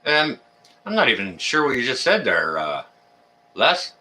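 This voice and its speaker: A livestream host, this man speaks at medium pitch with huge swings in intonation, taking his time in a bright, forceful tone. He greets viewers by name and rambles through friendly banter packed with fillers. His voice sits a bit far from the mic.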